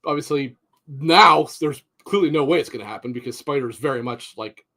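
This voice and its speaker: Guy cohosting a nerdy podcast, kinda high voice, gets animated, stumbles over his words a lot. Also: brisk. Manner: animated, repeats words when starting sentences. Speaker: podcast co-host. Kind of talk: casual chat.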